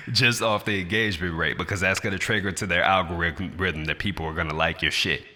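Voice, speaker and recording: A man's voice: sits low, fairly even intonation, fairly quick, bright, forceful tone, in a large hall. A man who raps, speaking straight to camera in a passionate, blunt and profane rant in his natural everyday voice. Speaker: rapper.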